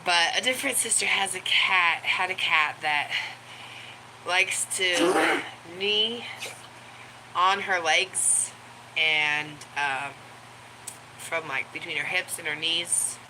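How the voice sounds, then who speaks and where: Woman rambling slow to the camera, lowish voice, lots of ums, noisy home recording. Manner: rambling, with many ums and laughs; high baby talk to her pets. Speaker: vlogger. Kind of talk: casual chat to camera. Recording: home recording with clear background noise.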